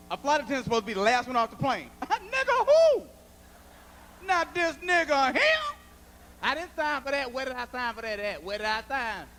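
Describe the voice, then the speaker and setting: A man performing a stand-up comedy routine on a club stage, an animated storyteller who often shouts. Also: very high voice, slight background noise.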